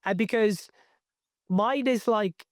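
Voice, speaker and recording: A man's voice: high voice, slow, no echo, clean studio sound. A young man from Wales with a Cardiff Welsh accent, chatting casually as an interview guest and rambling with lots of fillers and restarts. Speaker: professional wrestler, guest.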